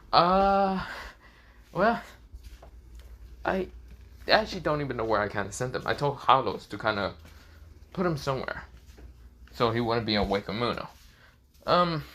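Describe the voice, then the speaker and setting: A man narrating his own fan-fiction story off the cuff, rambling along with lots of fillers and repeated phrases. His voice sits at a middling pitch and sounds relaxed and unscripted. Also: slight background noise.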